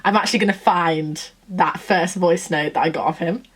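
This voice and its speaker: A woman's voice: fairly low pitch, moderate pace, breathy edge. A woman in her twenties from England, telling a story in a gushing, chatty vlog style and acting out what people said. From Nottingham, England. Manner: chatty, gushing, acts out quotes. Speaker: vlogger. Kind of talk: casual storytelling chat.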